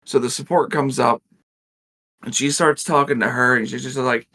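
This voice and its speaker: A man co-hosting a podcast in casual chat, telling a workplace story with lively acted-out voices and frequent laughs. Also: mid-range voice, moderate pace. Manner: animated storyteller acting out voices in his anecdotes; laughs often. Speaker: podcast co-host.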